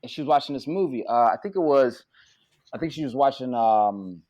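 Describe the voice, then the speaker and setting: A man, an actor guest on a podcast, telling stories in an animated, casual way with plenty of cursing and acted-out quotes. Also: medium pitch, a little fast. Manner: animated, profane, acts out quotes. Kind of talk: casual storytelling.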